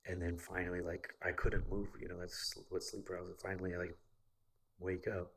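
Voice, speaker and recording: Talking fairly quickly in a low, gravelly, slightly bright voice with flat delivery, an American vlogger rambles through a personal story. He swears often and uses lots of fillers.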